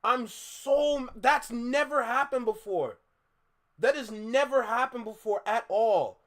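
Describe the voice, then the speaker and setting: A man with a very high voice rants to his live-stream audience in an unhurried, drawn-out way. He sounds fed up and exasperated, repeating the same complaints again and again, and his frustration keeps breaking into laughter. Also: fairly bright tone. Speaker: live-stream reaction host. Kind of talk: casual live-stream rant.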